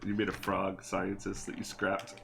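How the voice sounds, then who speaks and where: A man's voice: deep voice, monotone, normal speed, creaky, noisy background. A man, a player in the game, who chats casually and cracks jokes. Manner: joking, with short interjections. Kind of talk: casual chat.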